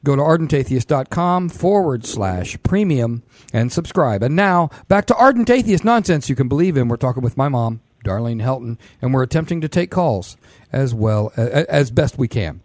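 A man's voice: medium pitch, lively intonation, normal speed, darkish tone, dry recording. A man hosting a casual call-in show, loose and rambling with lots of fillers. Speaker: podcast host.

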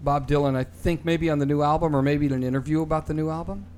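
A man's voice: a little high, steady tone, fast, a little mellow, slight background noise. A man hosting a casual panel chat, opinionated and often repeating his first words as he starts a thought. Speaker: show host.

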